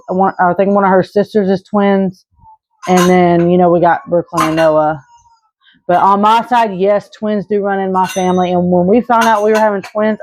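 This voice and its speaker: A woman in her thirties from Arkansas answers viewer questions in a casual Q&A chat, earnest and rambling, full of restarts and fillers. Her voice sits in the mid range, and the low-quality recording carries a faint hiss or hum.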